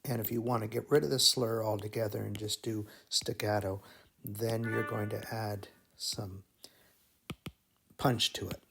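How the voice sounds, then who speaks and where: A man teaching melody writing in a slow, musing, think-aloud way, humming phrases as he explains. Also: fairly low pitch, little pitch movement, creaky. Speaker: music teacher. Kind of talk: thinking-aloud composition tutorial.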